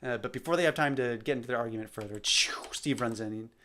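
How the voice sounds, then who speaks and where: A man walks through his unfinished cartoon storyboard in a loose, rambling way, often stopping to poke fun at his own writing. His voice sits at an ordinary, mid-range male pitch. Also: fast, sharp tone. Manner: rambling, self-deprecating. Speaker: animator. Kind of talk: casual storyboard walkthrough.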